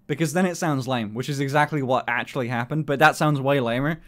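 Chatting on a live stream, this British man talks fast at a medium pitch. His manner is animated and casual, full of swearing and frequent laughter.

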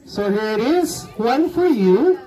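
A woman with a fairly high voice hosts a children's game at a premiere event. She coaxes the kids up one by one and counts aloud, her pitch swinging widely while she keeps an unhurried pace. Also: expressive, mellow, slight background noise. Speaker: event host. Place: film premiere event venue.

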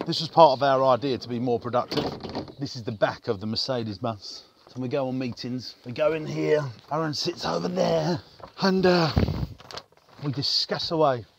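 A man's voice: mid-range voice, moderate pace, creaky, background noise. A man from the UK talking casually to the camera in a vlog, joking and teasing as he goes. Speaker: business owner vlogging.

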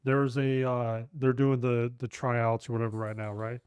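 A man's voice: medium pitch, little pitch movement, moderate pace, a little mellow, clean tone, dry recording, studio quality. Blunt, rambling man on a podcast. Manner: blunt, rambling, swears casually. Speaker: podcast co-host. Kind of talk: casual chat.

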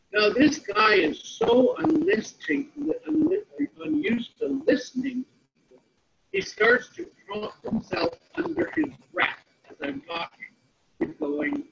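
A man with a very high, strongly gravelly voice that swings a lot in pitch tells a story to a webinar audience. He keeps checking in with "okay?" as he goes. The sound is muffled and lo-fi with a faint hiss. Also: sing-song, a little slow, a bit bright. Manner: anecdotal, often checks in with "okay?". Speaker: webinar speaker on disability support. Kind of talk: storytelling talk. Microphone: online call audio.

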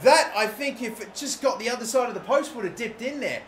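An Australian man commentating his own football video game career, calm musing that bursts into loud shouting at big moments. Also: very high voice, fairly quick. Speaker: gaming YouTuber. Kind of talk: excited gameplay commentary. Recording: echoey room with faint noise.

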